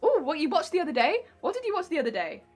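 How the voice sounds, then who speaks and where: Her voice sits high with big pitch swings, and she talks rapid-fire. A giggly young woman chats casually while sewing on a stream, gushing over a show and reading messages from chat, with faint music behind her.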